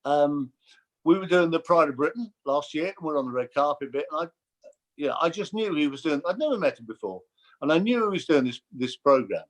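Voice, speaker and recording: An older man chatting as a guest, telling lively stories and mimicking voices. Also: on the high side, brisk. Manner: animated storyteller, mimics voices. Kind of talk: casual chat.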